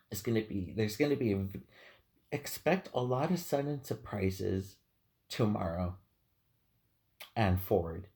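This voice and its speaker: A man's voice: fairly low pitch, gravelly, a little mellow. A man giving an unscripted tarot reading, hesitant and full of ums, heartfelt and teary-eyed. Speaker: tarot reader.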